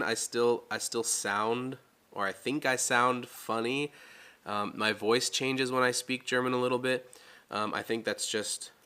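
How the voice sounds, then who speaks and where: A young man from the United States, answering viewer questions in a relaxed, chatty vlog with frequent laughs. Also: medium pitch, clear, resonant tone. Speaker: vlogger. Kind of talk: casual Q&A vlog.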